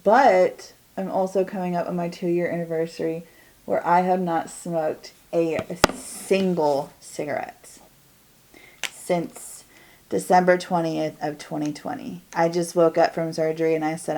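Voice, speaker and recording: A woman's voice: on the low side, little pitch movement, measured pace, warm tone. A woman in her forties, vlogging a chatty get-ready-with-me while doing her makeup at home, talking in a candid, rambling way that drawls and trails off. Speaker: beauty vlogger.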